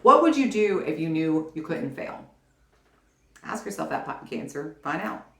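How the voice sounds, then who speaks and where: A woman tarot reader with a lowish voice, talking animatedly and encouragingly straight to the viewer in a casual reading. Her voice rings in a roomy, echoey space. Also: big pitch swings, a little slow, fairly bright tone. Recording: roomy echo.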